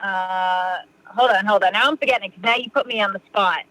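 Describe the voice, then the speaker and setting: A woman's voice: medium pitch, brisk, background noise. A woman in her thirties from Massachusetts, a podcast guest chatting casually about her recovery, rambling with lots of "you know" and restarts. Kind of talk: casual interview talk.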